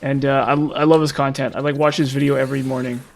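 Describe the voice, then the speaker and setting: A man talks casually while he plays a video game, rambling along with plenty of fillers and restarts. His voice sits at an ordinary middle pitch. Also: little pitch movement, fast talker, gravelly. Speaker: gaming streamer.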